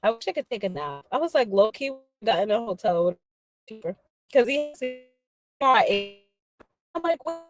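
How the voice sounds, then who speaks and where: A woman chatting casually on a livestream, animated and slangy, laughing often as she talks to her viewers. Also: fairly high pitch, normal speed, pauses often. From Dominican family background. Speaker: livestream host.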